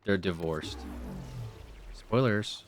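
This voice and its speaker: A man's voice: deep voice, very slow, soft background music. A young man giving casual commentary while streaming a game, often exasperated and swearing.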